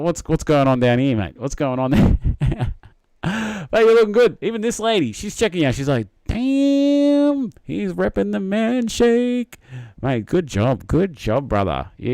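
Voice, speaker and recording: A man's voice: mid-range voice, a little mellow, dry recording. A young man hosting a casual live stream, chatting to viewers in a rambling, matey way with lots of fillers and restarts. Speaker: livestream host reading chat.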